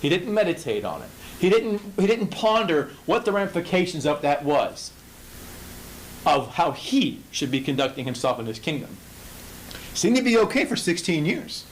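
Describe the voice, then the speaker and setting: A man leading an informal Bible study, emphatic and full of rhetorical questions, swinging from low murmurs to loud bursts. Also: big pitch swings, moderate pace, a little hiss or hum, low-quality recording.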